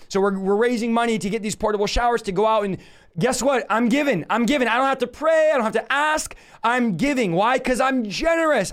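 A man with a very high voice leads a Bible study teaching. He talks in an animated, emphatic way, repeating key phrases for stress. He jokes with his viewers as he goes.

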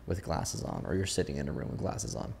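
A man's voice: rumbling low, very animated, fairly quick, gravelly, noisy background. A man hosting a podcast, chatting casually and thinking aloud with lots of fillers. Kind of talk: casual chat.

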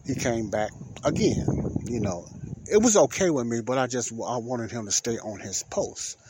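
A man's voice: medium pitch, lively intonation, moderate pace, noisy background. A man hosting a podcast, telling a casual story in a rambling way that keeps circling back with "well, anyway.". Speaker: podcast host.

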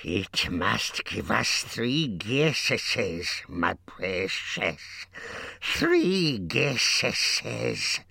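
A wretched cave creature hisses and wheedles in a slow, drawn-out way, stretching every word. The voice is gravelly and sharp-edged and swoops far up and down. It is a storybook villain heard up close in a dry space. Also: male voice, fairly low pitch, wildly swooping pitch, no echo, pitched above the performer's own voice, heavily acted. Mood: agitated. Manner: hissing, wheedling, talks of itself as us. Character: Gollum, wretched hissing cave creature, male. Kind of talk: audiobook character voice.

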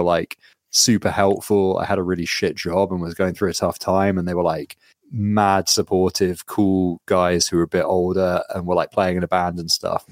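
A man's voice: sits low, dry recording, studio quality. A man co-hosting a podcast in casual chat, rambling and swearing as he tells stories. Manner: rambling, sweary, animated storytelling. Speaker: podcast co-host.

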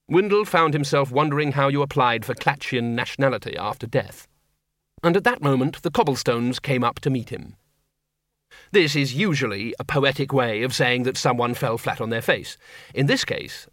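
A man narrating an audiobook with a wry, expressive reading. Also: medium pitch, normal speed, no room sound, studio quality.

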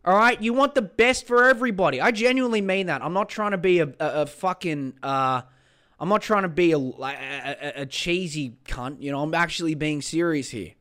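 Sweary sarcastic Australian man, smooth and high. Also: normal speed. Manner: sweary, sarcastic, swings between loud mock-excitement and low mutters. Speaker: podcast host. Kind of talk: casual solo podcast rant.

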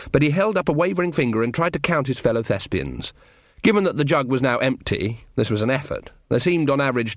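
A man's voice: mid-range voice, no echo. A man giving the scripted narration of an audiobook in a wry, dry storytelling manner.

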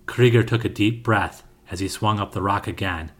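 A man narrating a scripted fantasy story with a steady, dramatic reading. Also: fairly low pitch, moderate pace.

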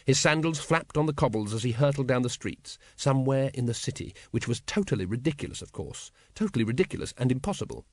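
Male narrator, lively pitch, wry storytelling, dry close recording. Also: quick pace, hardly any pauses, dry recording. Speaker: audiobook narrator. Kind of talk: scripted narration.

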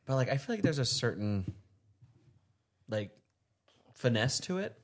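A man from Arizona co-hosting a loose podcast chat, his pitch swinging all over as he talks. He laughs constantly, curses freely and stacks up "like" between words. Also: measured pace. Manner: animated, laughs a lot, swears, heavy use of "like". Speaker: podcast co-host. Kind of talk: casual chat.

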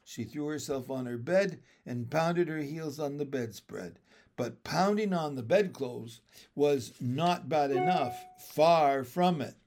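A man reading a children's chapter book aloud in an expressive, lively storytelling manner. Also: fairly high pitch, unhurried. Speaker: reader.

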